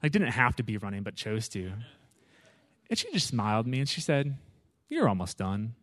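A man preaching in a conversational, animated way, often asking the audience "right?" and "you know". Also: mid-range voice, fairly quick, dry recording. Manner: animated, acts out his own prayers with rising intensity. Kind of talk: conversational sermon.

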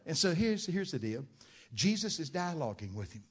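A man preaching a sermon, telling Bible stories with dramatic shouted outbursts. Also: a little high, very animated, normal speed. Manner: dramatic storytelling, bursts into loud shouted quotes.

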